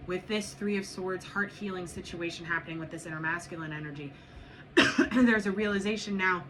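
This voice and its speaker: This tarot reader's voice is lowish and moderately paced as she delivers a spiritual reading to viewers. Blunt and swearing freely, she urges and repeats herself against a noisy background.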